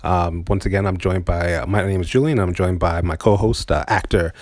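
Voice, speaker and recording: Man hosting a chatty podcast, lower pitch, dry close-miked sound, easy laugh, stop-start delivery. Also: darkish tone, dry recording. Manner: laughs often, halting with many fillers. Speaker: podcast host. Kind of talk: casual chat.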